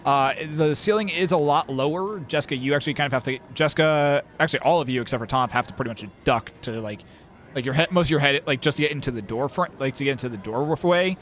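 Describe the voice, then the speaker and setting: A man's voice: medium pitch, fast, a bit bright. Rambling man narrating a tabletop game. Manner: rambling, many fillers and restarts. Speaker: dungeon master.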